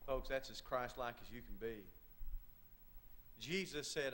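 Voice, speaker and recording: A man preaching a sermon, emphatic and repetitive, with halting asides. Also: medium pitch, fairly even intonation, a bit bright.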